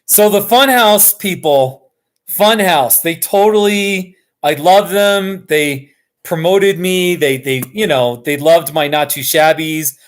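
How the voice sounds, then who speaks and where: Slow, chatty American man on a live stream. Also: on the high side. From Colorado, USA. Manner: chatty and excitable, chuckling often. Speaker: YouTuber hosting a live stream. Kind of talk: casual live-stream chat.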